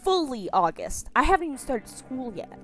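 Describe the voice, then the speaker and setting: A woman's voice: sits high, big pitch swings, moderate pace, a bit bright, faint music behind, pitched above the performer's own voice. A woman voicing a grumpy female neighbor who grumbles irritably. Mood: irritable.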